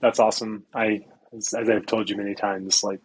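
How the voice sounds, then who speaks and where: A man hosts a podcast in a somewhat low voice. He tells stories with animation, peppers them with "like" and "you know," and swears casually. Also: moderate pace, husky, poor audio. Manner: animated storytelling, profane, many "like"s and "you know"s. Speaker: podcast host. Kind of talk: casual chat.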